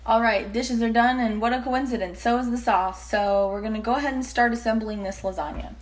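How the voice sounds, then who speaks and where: A woman's voice: fairly high pitch, fairly even intonation, fairly quick. A woman hosting a casual home cooking vlog in her kitchen, chatty and rambling, with self-deprecating asides. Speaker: cooking vlogger.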